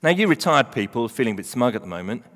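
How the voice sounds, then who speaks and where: A middle-aged man preaching a sermon, animated, swinging from loud emphasis to hushed, quiet readings. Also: medium pitch, fast. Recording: reverberant hall.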